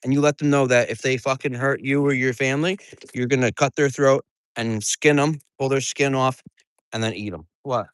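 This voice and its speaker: A man's voice: mid-range voice, fairly even intonation, moderate pace, clean tone, no echo, clean studio sound. A man who hosts a farm livestream, chatting casually, joking and swearing while he does chores outdoors. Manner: profane, joking and rambling. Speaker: farmer and livestream host.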